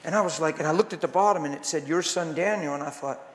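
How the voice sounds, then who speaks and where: A middle-aged man preaching at a conference, telling a story in a conversational way that swings from hushed to loud. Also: fairly high pitch, fast talker. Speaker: conference speaker. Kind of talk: storytelling sermon. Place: large conference hall. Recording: echoey hall with long reverb.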